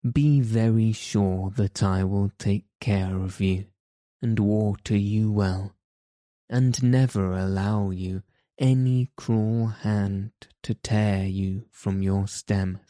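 A man reading as a gentle, sorrowful young girl. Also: lowish voice, fairly even intonation, takes it slowly, no echo, clean studio sound. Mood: sad. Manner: soft, sad.

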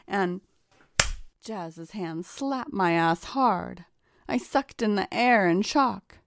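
Slow-reading woman narrator. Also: mid-range voice, creaky, noisy background. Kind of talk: erotic story reading.

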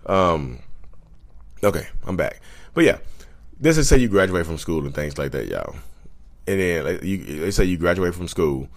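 A man's voice: low-pitched, very animated, moderate pace, long pauses. A man rambling casually into a handheld microphone in a vlog, blunt, profane and repeating himself, calling his viewers y'all. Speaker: YouTuber talking about narcissism. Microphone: handheld USB microphone.

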